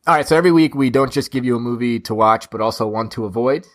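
A man's voice: medium pitch, fast. A man hosting a casual film podcast, chatty and repeating words as he talks to listeners. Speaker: podcast host.

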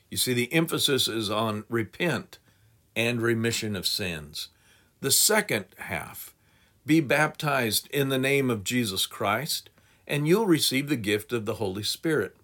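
A man's voice: medium pitch, a bit bright. A man giving a methodical teaching sermon, working through numbered points and reading scripture aloud. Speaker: Bible teacher.

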